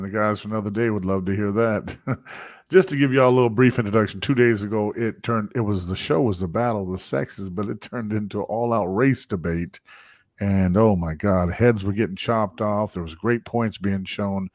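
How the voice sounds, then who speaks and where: A man's voice: fairly low pitch, normal speed, dry recording, clean studio sound. A man hosting a casual live-stream podcast, hyping sponsors and welcoming viewers by name. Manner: animated, hype, reads sponsor plugs and viewer comments. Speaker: podcast host.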